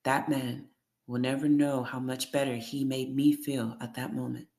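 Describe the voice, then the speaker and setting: An audiobook reader reading a first-person memoir in a steady, measured way. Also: medium pitch.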